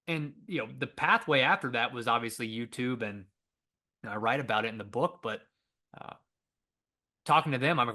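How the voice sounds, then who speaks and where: A young adult man with a bright, forceful voice tells an outdoors story as a podcast guest. He talks animatedly and acts out the people he quotes. His pitch sits in the middle range for a man. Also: normal speed, pauses often. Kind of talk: conversational storytelling.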